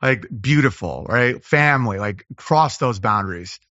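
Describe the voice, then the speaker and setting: A man, a comedian, talking casually as a podcast guest, rambling and riffing with quick impressions. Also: medium pitch, expressive, pushed and bright, no echo, lo-fi sound. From Los Angeles.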